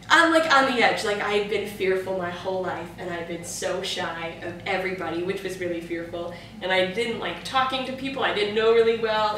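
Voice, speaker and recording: A woman's voice: medium pitch, fairly bright tone. A woman co-hosting a book club chat, telling a personal story animatedly with fillers and laughs. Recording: echoey room, far from mic, faint noise.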